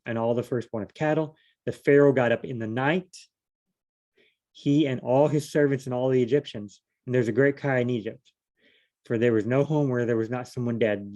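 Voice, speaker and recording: Reading scripture alone, a solo Bible study host talks casually in a medium-pitched, slightly mellow voice. He muses aloud in an informal way and briefly acts out scenes using quick character voices.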